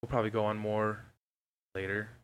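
Male podcast co-host, low-pitched, bright and crisp, easygoing and teasing. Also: little pitch movement, a little fast. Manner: jokey, agreeable, frequent short affirmations. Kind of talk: casual podcast chat.

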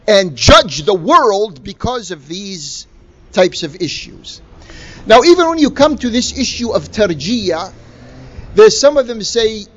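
A man's voice: sits high, lo-fi sound. A man giving a religious lecture, emphatic and full of rhetorical questions. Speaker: Islamic lecturer.

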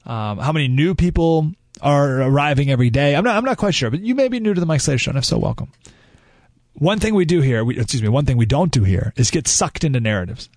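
Male talk-radio host, fairly high voice, opinionated and emphatic, lots of restarts, studio mic. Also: lively intonation, quick pace, darkish tone, no echo. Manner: ranting, emphatic, with restarts and asides. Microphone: studio microphone.

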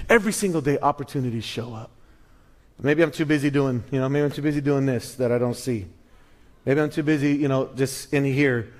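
A male pastor preaching a sermon in a conversational way, swinging between loud emphasis and hushed lows. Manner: conversational with restarts.

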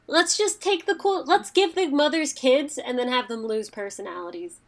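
A woman's voice: sits high, moderate pace. A woman co-hosting a casual podcast, rambling and chatty with frequent fillers. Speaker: podcast co-host. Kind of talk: casual chat.

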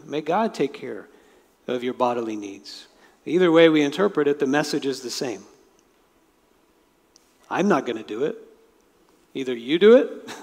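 A man preaching a sermon as pastor, talking in a conversational way and explaining with asides. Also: fairly high pitch. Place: church sanctuary. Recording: long reverb of a large hall.

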